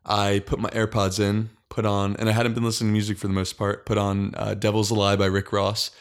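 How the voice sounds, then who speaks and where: A young man telling a long personal story in casual podcast chat, halting often and restarting his sentences. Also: on the low side, completely flat delivery, clean tone. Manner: halting, frequent restarts and fillers.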